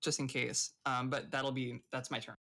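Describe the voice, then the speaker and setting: Female player, deep for a woman, halting, filler-heavy. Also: little pitch movement, fairly bright tone. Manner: hesitant, many fillers. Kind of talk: casual tabletop play.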